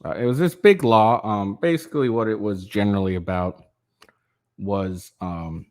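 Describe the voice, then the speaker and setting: A man's voice: on the low side, normal speed, darkish tone, dry recording, clean studio sound. A tired man reading a news article aloud and breaking off into rambling, profane rants full of fillers and restarts. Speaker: political commentary channel host.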